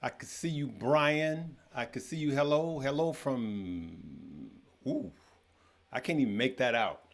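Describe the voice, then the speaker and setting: A man with children hosts a casual live stream, greeting viewers by name, though he stumbles over the names. His medium-pitched voice is slow, lively in intonation and marked by vocal fry, and his chat is loose, with frequent fillers.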